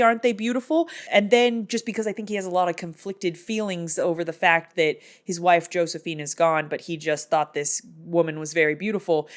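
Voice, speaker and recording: Woman recapping a film, casual, animated storytelling, acts out characters, lowish voice.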